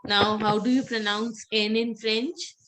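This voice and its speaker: A woman's voice: a little high, steady tone, unhurried, a bit bright. A woman teaching French pronunciation in a live class, patiently repeating words for students to echo and calling on them by name. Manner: calls on students by name and praises.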